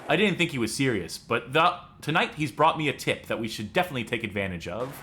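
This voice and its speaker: A man's voice: medium pitch, lively intonation, fast talker, sharp tone, slight background noise. A man reading game dialogue as a French resistance contact, in an overdone put-on French accent. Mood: earnest briefing.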